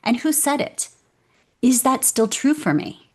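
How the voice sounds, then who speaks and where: A woman speaking as an interview guest, telling stories in an earnest, animated way. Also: sits high, unhurried. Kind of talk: conversational interview.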